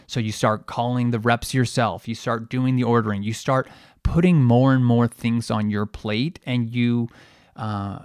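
A man's voice: medium pitch, fairly even intonation, measured pace, a little mellow, clean tone. A man in a mid register talks through a coaching monologue as a podcast host. His delivery is conversational, full of rhetorical questions and self-mockery. The sound is dry and close, with no room echo. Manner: conversational, asks rhetorical questions, pokes fun at himself. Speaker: podcast host, periodontist coaching dental teams.

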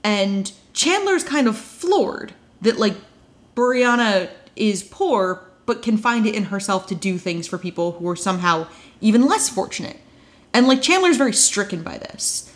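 Woman, podcast co-host, casual recap chat, wry asides, mid-pitched voice. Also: lively intonation. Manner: chatty, wry asides, quick quoted voices.

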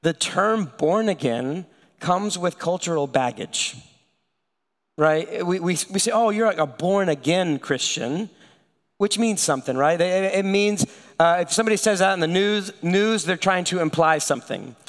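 A man preaching a sermon in a conversational, animated storytelling manner. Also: high voice, moderate pace, big-room sound. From United States. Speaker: pastor.

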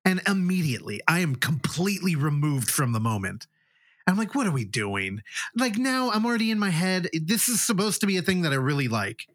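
A man's voice: sits high, fairly quick, no room sound, clean studio sound. A man co-hosting a podcast, chatting casually and telling long, rambling stories full of acted-out reactions. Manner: animated, rambling storytelling with quoted reactions. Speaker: podcast co-host. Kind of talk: casual chat.

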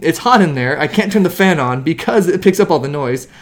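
A man co-hosting a casual sports podcast from a room in a home, talking into a shared microphone with animated, playful exaggeration. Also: a little high, fairly quick. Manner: animated, joking, tells stories with playful exaggeration. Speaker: podcast co-host. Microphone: shared studio microphone.

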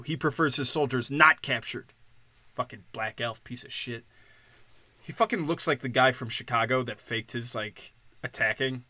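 A man's voice: mid-range voice, bright, forceful tone, no room sound. A man ranting on a podcast in a crude, sardonic, profane way, mocking as he goes. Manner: mocking, slips into sarcastic quoted voices. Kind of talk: casual podcast rant.

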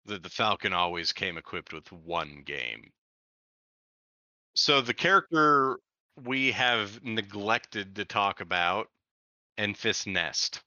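An enthusiastic man with a fairly low, very bright voice talks through a casual film discussion and often laughs between points. His voice sounds dry and a bit dull on a lo-fi recording. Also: animated, takes it slowly, dry recording.

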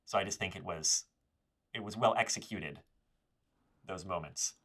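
A man's voice: deep voice, normal speed, fairly bright tone, breathy edge. A man co-hosting a casual podcast chat, thoughtful, with some "like" fillers. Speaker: podcast co-host.

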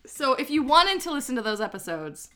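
Young woman, podcast host, bright voice, a bit high, playful, giggly. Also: sing-song, fairly quick. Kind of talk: casual chat.

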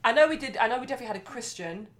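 A woman's voice: fairly high pitch, lively intonation, a crowd in the background. A woman co-hosting a podcast, chatting casually and rambling as she recounts events. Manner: fast, rambling, breaks off and restarts. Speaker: podcast co-host. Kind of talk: casual chat.

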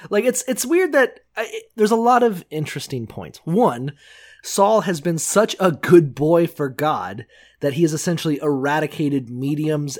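A man co-hosting a casual comedic chat, joking animatedly and swearing freely. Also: on the high side. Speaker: podcast co-host.

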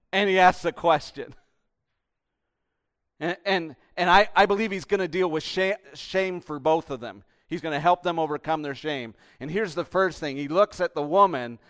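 A male pastor preaches with a smooth, clear voice that is fairly high for a man. His delivery is animated, and it swings between emphatic bursts and hushed, intimate appeals. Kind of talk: sermon.

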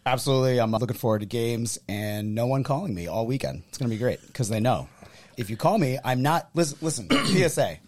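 A man's voice: medium pitch, fairly quick, very noisy. A man hosting a sports podcast, chatting casually and acting out quotes as he tells a story. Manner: animated storyteller, acts out quotes. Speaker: podcast host.

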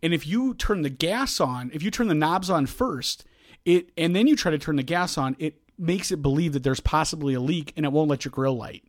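A man's voice: on the high side, fairly quick, no room sound, studio quality. Man telling a rambling grill story. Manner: animated, yells when reenacting. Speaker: podcast host. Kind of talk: casual storytelling.

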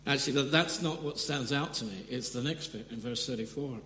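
Earnest preacher in an echoey hall. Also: male voice, mid-range voice, brisk, hardly any pauses, a bit bright. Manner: earnest, with frequent restarts and sudden emphatic rises. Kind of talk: sermon. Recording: echoey hall with long reverb, faint hum.

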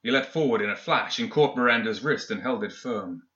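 Male audiobook narrator, steady storytelling, echoey room. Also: medium pitch, fairly quick, lo-fi sound. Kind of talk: scripted narration.

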